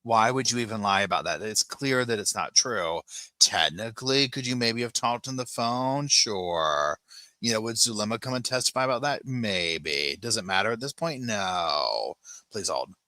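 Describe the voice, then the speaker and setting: Sassy man with a bright voice. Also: on the low side, moderate pace, dry recording. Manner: sassy, animated retelling. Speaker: host. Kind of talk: casual commentary on a live chat.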